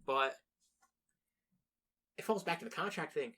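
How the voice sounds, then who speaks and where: A man's voice: on the high side, animated, a little slow, bright, forceful tone, breathy edge. A young man co-hosting a casual podcast, rambling, restarting sentences and swearing freely. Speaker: podcast co-host. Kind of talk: casual chat.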